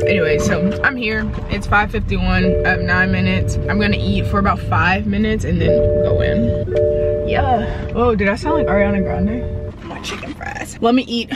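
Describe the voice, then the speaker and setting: A young woman chatting to her camera through her day, at home and then driving in her car, animated and talkative. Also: medium pitch. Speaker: vlogger. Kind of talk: casual vlog chat. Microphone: handheld camera.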